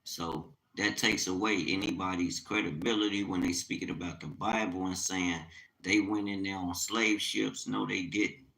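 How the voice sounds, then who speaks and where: Deep-voiced man preaching with urgency. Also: fairly even intonation, moderate pace, vocal fry, a bit bright, low-quality recording. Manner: reads scripture aloud and comments. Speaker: livestream Bible teacher. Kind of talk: livestream Bible teaching.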